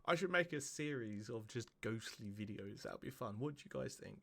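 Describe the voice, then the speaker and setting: A man's voice: medium pitch, expressive, brisk, gravelly, fairly bright tone. Sweary laughing man reacting. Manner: swearing, laughing, doing silly voices. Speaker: reaction video host. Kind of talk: casual reaction commentary.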